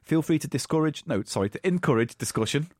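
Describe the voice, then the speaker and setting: A man's voice: fairly high pitch, expressive, fast, dry recording, clean studio sound. A man reading game rules aloud and bantering teasingly as a comedy co-host. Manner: reads aloud, teasing, swears, laughs.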